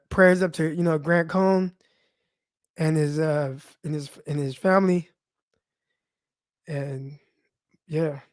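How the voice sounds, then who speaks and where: In clean studio sound with no echo, a young man with a high voice hosts a sports podcast. Speaking teary-eyed, he gives a casual, heartfelt monologue that's loose, personal, and packed with fillers.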